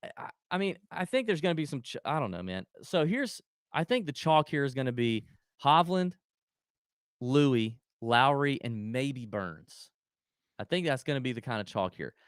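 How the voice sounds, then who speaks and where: A man's voice: medium pitch, big pitch swings, normal speed, clear, resonant tone, no room sound, clean studio sound. A man co-hosting a podcast, telling stories animatedly with goofy sound effects and casual chat. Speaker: podcast co-host.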